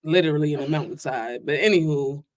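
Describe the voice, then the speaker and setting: A woman co-hosting a reaction video, chatting casually, blunt and slangy, drawing out her points. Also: low-pitched. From Baltimore. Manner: blunt, slangy, drawn-out emphasis.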